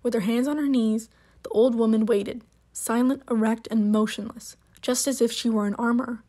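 A woman reads a short story aloud, measured and unhurried. Her voice sits a little higher than most. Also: fairly even intonation, darkish tone. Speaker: narrator.

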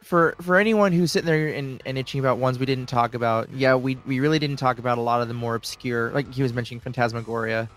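Relaxed male podcast host. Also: mid-range voice, quick pace, few pauses. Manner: relaxed, hesitant with fillers, signs off the show. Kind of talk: casual chat.

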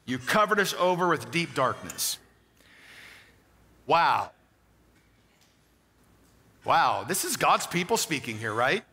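A man preaching a sermon with a fairly high, bright voice. He reads long scripture passages and breaks in with quick questions to his listeners. His voice rings with the long reverb of a large hall. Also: very animated. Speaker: pastor.

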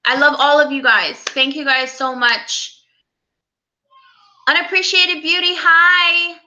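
A young woman hosting a casual live stream, speaking softly and close to tears as she greets viewers by name. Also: high voice, little pitch movement, takes it slowly, dull audio. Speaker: livestream host.

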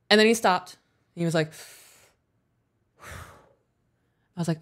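A woman co-hosting a podcast, talking casually and telling stories in a candid, animated way, swearing freely. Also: mid-range voice, a little slow, long pauses. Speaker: podcast co-host.

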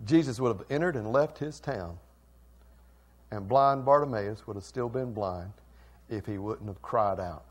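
A male pastor preaching a passionate sermon that swings between loud and soft. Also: on the low side, unhurried.

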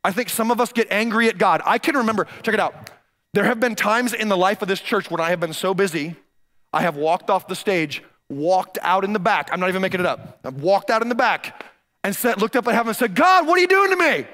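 Male pastor, sermon delivery: high, bright, sharp-edged voice, animated and emphatic. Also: fairly quick. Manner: animated, emphatic, repeats key phrases. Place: church stage.

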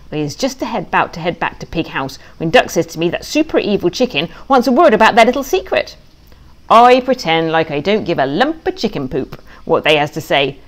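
A woman reads her own children's diary-story aloud in a playful, childlike narrator voice. Her pitch leaps and swoops with delight, then drops low for secrets. She tells it with cheerful, deliberately broken grammar. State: tearful at moments. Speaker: author reading her own book.

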